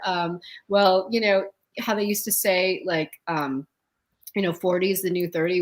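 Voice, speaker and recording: A woman's voice: lowish voice, moderate pace, poor audio. Woman in her fifties doing stand-up. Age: 50s. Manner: laughs often, deadpan punchlines. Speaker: stand-up comedian. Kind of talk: stand-up set, casual storytelling.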